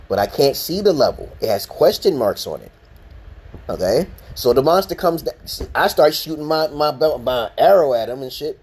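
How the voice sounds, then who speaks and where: A man's voice: on the high side, very animated, moderate pace, a little mellow, breathy edge. A man from Brooklyn, hosting a casual livestream and telling a rambling, profane story full of restarts. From Brooklyn, New York, USA. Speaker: livestream host.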